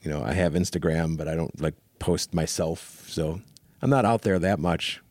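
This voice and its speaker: A man co-hosting a casual car podcast, rambling in an animated way and often restarting his sentences. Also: sits low, normal speed, dry recording, clean studio sound. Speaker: podcast co-host.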